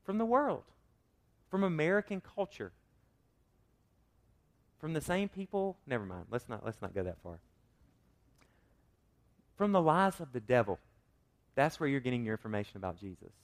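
A man preaching a sermon, swinging from loud emphatic points to quiet asides and asking his listeners rhetorical questions. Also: mid-range voice, sing-song, normal speed, long pauses. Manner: acts out quoted voices with rhetorical questions. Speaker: pastor.

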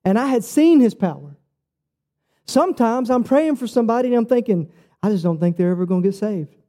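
High, thin-voiced preacher man. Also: a little fast. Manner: earnest, personal storytelling with lively shifts in pitch. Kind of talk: sermon.

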